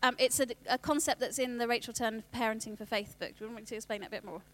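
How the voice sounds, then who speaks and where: Woman in her 30s giving a church workshop, fairly high voice, chatty with lots of asides and restarts. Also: fairly even intonation. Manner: chatty, quick asides and self-correcting restarts. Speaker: children's ministry speaker. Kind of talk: workshop talk.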